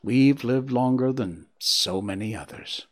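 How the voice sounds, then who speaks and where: A man voicing a gentle, reassuring male oak leaf in a storybook reading, speaking softly and tenderly. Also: medium pitch, a little slow, natural voice. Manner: soft, tender, calming.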